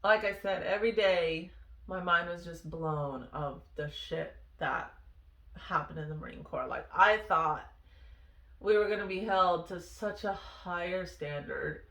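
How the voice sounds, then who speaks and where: Woman, ex-Marine vlogger; candid, exasperated storyteller with a sharp bright tone, roomy echo. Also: on the low side, measured pace. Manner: candid, exasperated, swears freely. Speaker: former Marine telling service stories. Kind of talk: casual storytelling vlog.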